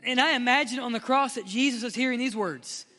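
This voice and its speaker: A man preaching a sermon as pastor, passionate and swinging from loud appeals to hushed, near-whispered prayer. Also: very high voice, a little fast. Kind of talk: sermon with altar-call prayer. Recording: hall reverb with faint music.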